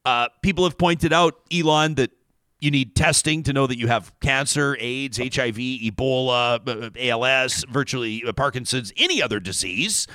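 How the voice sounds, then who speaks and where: A man's voice: mid-range voice, moderate pace, smooth, dry recording, clean studio sound. A man hosting a podcast in casual chat, telling stories animatedly and acting out what others said. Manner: animated storyteller who acts out quotes. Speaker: podcast host.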